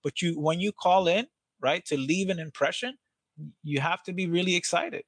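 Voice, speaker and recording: A man appearing as a guest on an interview speaks at normal speed in a high, fairly bright voice with no echo in the recording. He's energetic and casual as he discusses training salespeople, playing out phone calls and dropping in some swearing.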